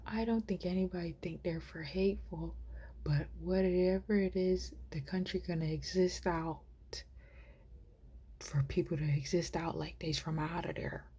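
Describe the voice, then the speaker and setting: A woman vlogger musing aloud to camera, soft and rambling, often half-whispered. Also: lowish voice, husky.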